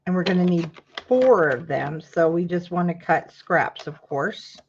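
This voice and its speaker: A woman hosting a casual paper-craft tutorial, her voice sitting on the lower side. She chats with viewers by name as she measures and trims. The recording is dull and lo-fi. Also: unhurried, slightly rough. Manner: chatty, greets viewers by name mid-task.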